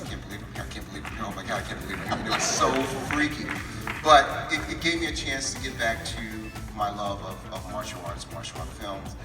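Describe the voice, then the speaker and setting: A man with a fairly low voice on a convention panel, telling a lively story and acting out its quotes. He is heard from a distance in a large hall with a long, ringing reverb. Music plays underneath. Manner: animated, acts out phone calls and quotes. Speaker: panel guest actor. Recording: roomy hall, far from mic, music behind.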